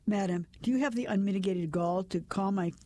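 A man's voice: high voice, a little fast, warm tone, dry recording, close to an everyday voice. A storyteller voicing a pompous, indignant male lodger who blusters haughtily, in a storybook reading.

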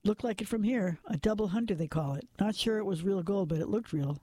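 Gruff informant read by a man, matter-of-fact, mellow, dry. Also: high voice, a little fast, no room sound. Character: mustached middle-aged male barroom informant.

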